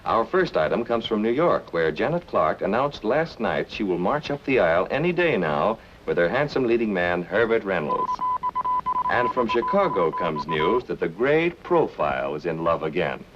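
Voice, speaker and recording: An actor playing a 1940s radio gossip announcer reading showbiz news briskly. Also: male voice, lowish voice, huge pitch swings. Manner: brisk, chatty announcer delivery. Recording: dull lo-fi 1940s film soundtrack with faint hiss.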